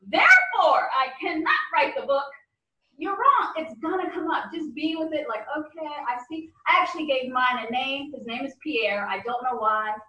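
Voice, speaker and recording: Woman guest, animated and playful, bright edgy tone, echoey room. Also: high-pitched, normal speed, few pauses, far from the mic. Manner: animated, laughs often, playful voices. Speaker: podcast guest, coach. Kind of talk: casual interview chat.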